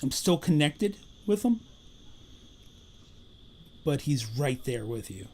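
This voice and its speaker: A man working as a psychic medium, giving an earnest live-stream spirit reading and relaying messages with repetitive, animated bursts. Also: a little high, slow.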